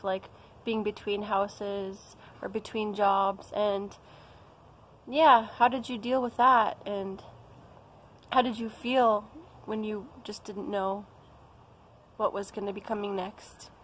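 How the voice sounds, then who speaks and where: A woman's voice: medium pitch, steady tone, takes it slowly, low-quality recording. A young American woman talking casually in a vlog, chatty and playful. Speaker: vlogger.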